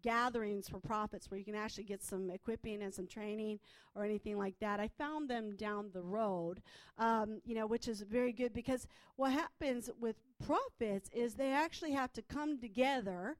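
A woman's voice: on the high side, normal speed, no echo. A woman minister telling her testimony in a chatty way, full of fillers and restarts. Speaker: prophetic minister. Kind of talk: personal testimony.

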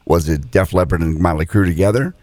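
A man's voice: sits low, brisk, a little mellow, no echo, studio quality. A man reading news items on a morning radio show, with an upbeat delivery like a quiz host.

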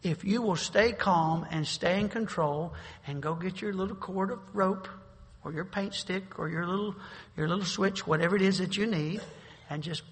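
Middle-aged man, pastor, high bright voice, folksy sermon delivery, echoing hall. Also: normal speed. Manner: folksy storytelling, with bursts of forceful preaching. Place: church sanctuary. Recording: long hall reverb.

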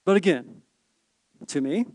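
A man's voice: a little high, animated, measured pace, darkish tone. A pastor in his thirties preaching a sermon, telling stories with rhetorical questions and playful asides.

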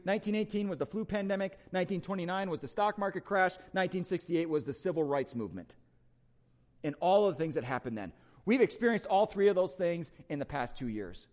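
A man preaching a sermon to a congregation, asking rhetorical questions and swinging between loud emphatic lines and quiet ones. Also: high-pitched. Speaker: pastor.

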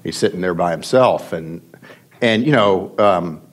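A middle-aged man, a podcast guest, telling a personal story in a halting, emotional way with many fillers and restarts. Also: sits low. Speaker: podcast guest, venture investor. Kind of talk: storytelling in conversation.

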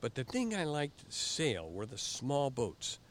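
An older man telling stories in a casual interview, halting and often repeating words as he goes. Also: medium pitch, huge pitch swings, slight background noise. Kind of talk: casual storytelling.

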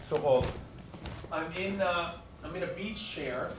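A middle-aged man chatting casually as a guest, telling animated stories, laughing often and swearing. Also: on the high side, measured pace. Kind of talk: casual chat. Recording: roomy echo with background noise.

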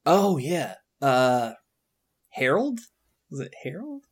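Easygoing man with a slightly high voice. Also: big pitch swings, slow, husky. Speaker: podcast co-host. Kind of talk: casual movie review chat.

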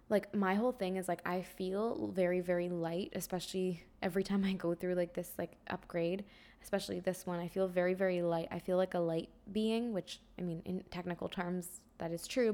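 A young woman hosting her own podcast, musing in a rambling, reflective way with many fillers and soft trailing phrases. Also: lowish voice. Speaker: podcast host. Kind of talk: casual solo podcast chat.

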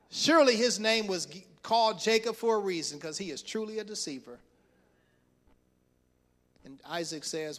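A man's voice: high-pitched, normal speed, fairly bright tone. A male pastor preaching a sermon, retelling a story with acted-out voices and frequent chuckles.

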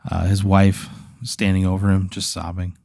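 A man's voice: low voice, little pitch movement, moderate pace, creaky, a little mellow, no echo, studio quality. A man hosting a show, casually narrating a suspenseful hypothetical scene and building tension with sound details. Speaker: host running a hypothetical scenario. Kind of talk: casual improvised storytelling.

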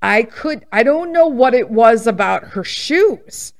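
A woman's voice: on the high side, expressive, measured pace. Blunt, sassy woman telling stories. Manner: blunt, sassy and emphatic, laughs at own stories. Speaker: podcast host. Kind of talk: casual storytelling monologue.

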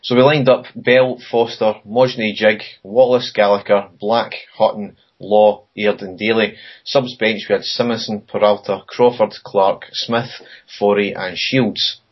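Husky man recapping a match. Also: lowish voice, measured pace, few pauses, highs cut off. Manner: reads match notes, steady and matter-of-fact. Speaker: podcast co-host. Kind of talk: casual football podcast recap.

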